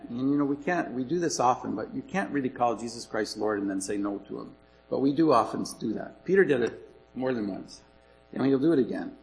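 A man's voice: mid-range voice, gravelly, low-quality recording. A man preaching a sermon in an earnest, emphatic way, repeating his key points.

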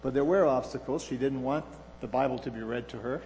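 A man preaching a sermon, halting and restarting, putting questions to his listeners. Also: medium pitch, creaky, a little mellow, slight background noise. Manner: halting, restarts often, asks the audience questions. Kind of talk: sermon with a read-aloud story. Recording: reverberant hall.

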